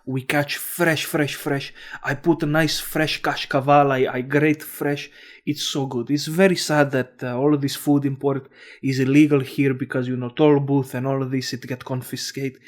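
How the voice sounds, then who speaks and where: A man's voice: medium pitch, little pitch movement, normal speed, close to an everyday voice. A man doing a jovial immigrant restaurateur. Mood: effusive. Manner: broken English, effusive, salesman.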